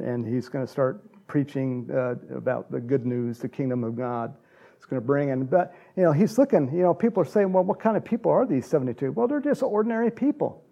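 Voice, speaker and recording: A middle-aged man from the United States giving a loose, conversational sermon. His voice is gravelly and dark, sitting a touch high for a man. He rambles through anecdotes with restarts and chuckles. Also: dull audio. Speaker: preacher.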